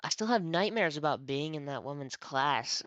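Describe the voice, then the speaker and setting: A woman streamer telling a story in casual chat, animated and swearing, acting out the dialogue she quotes. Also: low-pitched, normal speed, no room sound. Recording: dry, dull lo-fi stream audio.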